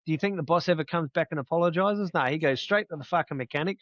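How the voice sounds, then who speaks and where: Man, middle-aged, podcast guest, sweary and blunt, slightly high voice, dull dry sound. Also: fast talker, no room sound. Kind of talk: casual podcast chat.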